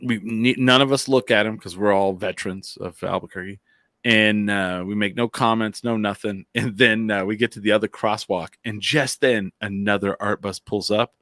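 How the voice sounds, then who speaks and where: A man with a low voice co-hosts a relaxed talk show. He rambles through stories with plenty of swearing and keeps breaking into laughter. The sound is dry, with no room around it. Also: normal speed, no room sound. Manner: laughs often while telling stories, loose and profane. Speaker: podcast co-host. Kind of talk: casual storytelling chat.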